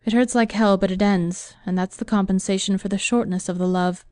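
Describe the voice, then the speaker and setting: A woman voicing a weary, gentle woman consoling her lover in an audiobook, in a calm, steady way. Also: medium pitch, brisk, no room sound, clean studio sound, close to an everyday voice.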